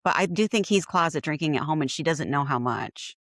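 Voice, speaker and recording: A woman's voice: low-pitched, expressive, brisk, dry recording, studio quality. A woman co-hosting a casual gossip podcast, reacting with emphatic exasperation.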